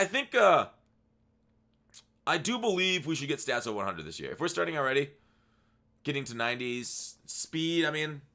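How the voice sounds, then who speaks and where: Bright-voiced tired man talking games. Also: on the high side, gravelly. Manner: rambling, with frequent restarts and asides. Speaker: video game commentator. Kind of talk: casual commentary over gameplay.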